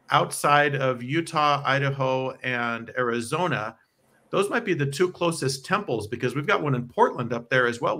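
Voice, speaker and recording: A chatty American man with a bright, forward voice, talking in an easy, explanatory way and laughing now and then. He sounds like a co-host in a relaxed conversation from home. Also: medium pitch. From United States. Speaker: podcast co-host. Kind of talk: casual chat about church talks. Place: home in Provo, Utah.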